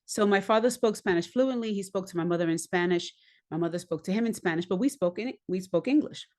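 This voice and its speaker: A middle-aged woman who grew up in the United States, telling personal stories in a candid, animated way and acting out the voices of people she quotes. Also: mid-range voice, fast. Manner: animated, acts out voices and laughs often. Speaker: podcast guest, singer.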